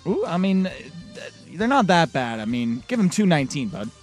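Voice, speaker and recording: A man hosting a sports talk show who teases his co-hosts playfully. His slightly high voice moves a lot in pitch, and soft music plays faintly behind him. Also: big pitch swings, normal speed. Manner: playful, teasing. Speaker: host.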